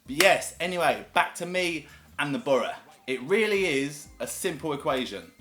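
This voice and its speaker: A man's voice: a little high, expressive, normal speed, bright, forceful tone. A man with a southern English accent chatting casually to camera, upbeat and storytelling. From southern England. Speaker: YouTuber. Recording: echoey room with faint music.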